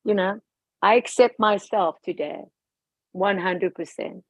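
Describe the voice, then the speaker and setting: A woman's voice: medium pitch, unhurried, slightly rough, no room sound. A woman guest talking with passion, emphatic and outspoken about her views. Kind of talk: passionate personal talk. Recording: dull lo-fi recording.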